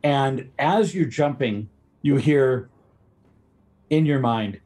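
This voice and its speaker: A man's voice: medium pitch, takes it slowly, a little mellow. Man narrating as game master.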